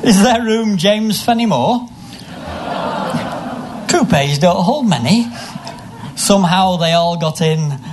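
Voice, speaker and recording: A man performing a comic story full of literary name puns, with a deadpan delivery, recorded live. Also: sits high, slow, long pauses, crowd noise, noisy background. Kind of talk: live comic reading of a pun-filled story.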